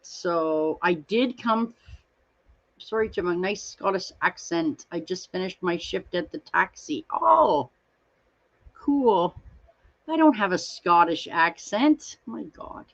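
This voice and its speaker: A woman's voice: fairly low pitch, animated, slow, vocal fry, muffled recording. A woman hosting a livestream, chatting casually and greeting viewers by name in a rambling way. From Canada. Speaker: livestream host.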